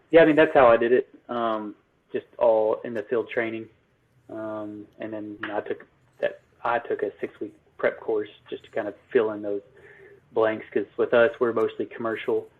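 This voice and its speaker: A man, an electrical business owner, answering interview questions in a halting way full of ums and restarts. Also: lowish voice, steady tone, slight background noise. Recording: phone-like narrow line.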